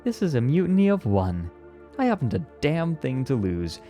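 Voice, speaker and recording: A man's voice: deep voice, big pitch swings, normal speed, a little mellow, faint music behind. A man voicing a reckless astronaut who taunts and mocks his captain. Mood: defiant. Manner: mocking, taunting and defiant. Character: sneering, reckless male astronaut mutineer.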